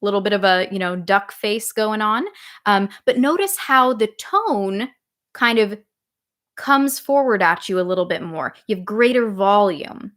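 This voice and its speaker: A woman singing coach teaching a live online lesson in a relaxed, explaining way, breaking into sung vowels to demonstrate. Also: medium pitch, measured pace.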